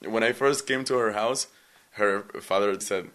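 Man telling a lively story. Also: lowish voice, normal speed. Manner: animated storyteller, acting out quoted lines. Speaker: interviewee. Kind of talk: casual anecdote.

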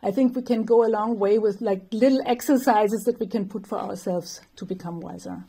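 A woman's voice: mid-range voice, fairly quick, mellow, slightly rough. A woman professor, answering interview questions thoughtfully, with light laughs and some fillers. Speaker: developmental psychology professor, guest.

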